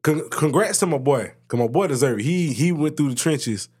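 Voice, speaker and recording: Animated man telling a work story. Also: moderate pace, breathy edge. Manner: animated storytelling, swears freely, jumps high in pitch when excited. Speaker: podcast co-host. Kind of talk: casual chat.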